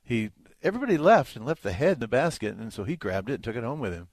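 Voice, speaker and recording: A man co-hosts a radio movie show, retelling plots with playful energy. His pitch moves a lot from word to word. The studio sound is dry and close. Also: quick pace, no room sound. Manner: animated, playful storyteller. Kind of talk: casual radio chat.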